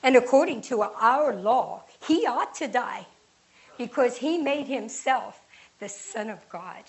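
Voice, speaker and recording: A woman's voice: high-pitched, big pitch swings, moderate pace. A woman voicing a demanding crowd of male priests in a scripture reading, raising her voice insistently. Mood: angry. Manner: raised, insistent shouting.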